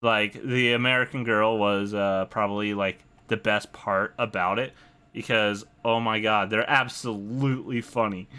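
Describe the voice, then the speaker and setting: A man's voice: lowish voice, steady tone, unhurried, pushed and bright, smooth. A young man hosting a podcast, ranting casually about an anime with lots of swearing and disbelieving laughs. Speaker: podcast host. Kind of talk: casual anime review rant.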